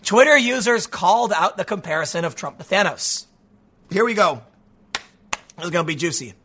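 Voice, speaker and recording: A man giving sarcastic commentary, mocking and animated, laughing often, and losing his voice. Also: high-pitched, moderate pace, slightly rough. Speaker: political commentary host.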